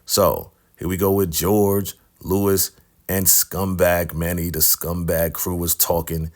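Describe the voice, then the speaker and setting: Man, deep voice, casual TV recap, lively retelling, middle-aged. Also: slow. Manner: animated, retells scenes by acting out quotes. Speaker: recap host. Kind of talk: casual episode recap with acted quotes.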